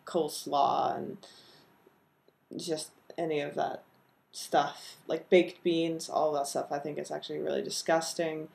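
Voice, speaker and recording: A woman from Texas with no regional accent, chatting casually to camera in a low-key, self-deprecating way and hesitating often. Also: gravelly, darkish tone. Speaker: video blogger. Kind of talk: casual chat and word-list reading.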